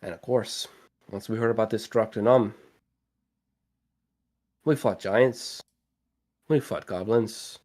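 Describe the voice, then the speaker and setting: A man's voice: fairly low pitch, slow, pauses often, a little mellow. Easygoing man at a game table. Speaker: player. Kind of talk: tabletop role-play chat.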